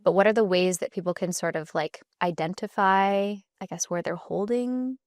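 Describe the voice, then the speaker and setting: A woman hosting a podcast, chatting in a relaxed, casual way with frequent "like" fillers. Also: medium pitch, normal speed, no room sound, studio quality. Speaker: podcast host.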